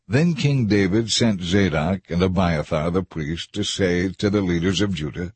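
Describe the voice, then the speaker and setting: A man reading scripture aloud in a measured, even narration. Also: low voice, breathy edge, no echo. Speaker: scripture reader. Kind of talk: scripted Bible reading over music. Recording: soft music bed behind.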